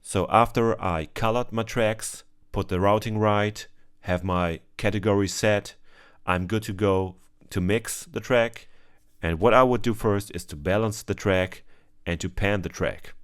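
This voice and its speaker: Narrating a mixing tutorial as if over a screen recording, a male music producer speaks evenly and without hurry in a very low, smooth and clear voice. Each step gets a plain explanation, with ums filling his pauses.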